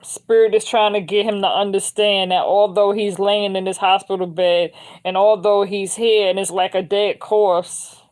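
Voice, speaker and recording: A woman's voice: medium pitch, little pitch movement, moderate pace, darkish tone. A woman giving a spiritual tarot reading in a loose, conversational way, often adding "you know what I'm saying.". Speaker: tarot reader.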